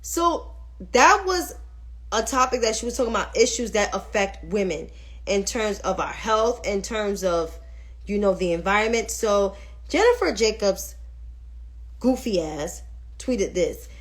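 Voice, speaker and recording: A woman's voice: mid-range voice, expressive, unhurried. A woman hosting a political commentary livestream, ranting heatedly and with lots of swearing, and answering viewers' comments as she goes. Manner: talks back to viewers' comments.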